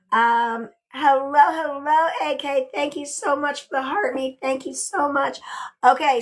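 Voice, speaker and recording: A woman hosting a casual livestream from her bedroom, gushing and chatty, thanking viewers over and over and swearing casually. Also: high-pitched. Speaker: livestream host.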